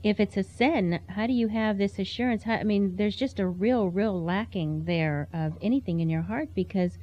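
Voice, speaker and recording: A woman's voice: medium pitch, moderate pace, mellow. A woman sharing a heartfelt personal testimony in an earnest, storytelling way. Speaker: interview guest.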